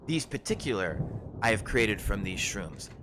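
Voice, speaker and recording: A man's voice: fairly low pitch, sing-song, moderate pace, noisy background. A man playing a shrewd potion-selling woman. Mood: sly. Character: shrewd woman potion seller, amused and mercenary.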